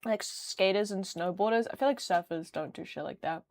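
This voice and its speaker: A woman's voice: mid-range voice, moderate pace, a little mellow. A young woman chatting casually on a livestream, rambling with lots of fillers. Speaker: streamer.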